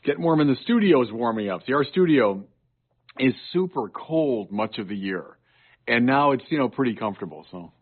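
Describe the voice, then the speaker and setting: A man's voice: medium pitch, expressive, brisk. A man in his sixties, a bishop and guest on a talk show, speaking earnestly and telling stories with emphasis. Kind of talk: conversational podcast chat. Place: home studio. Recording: narrow phone-like sound.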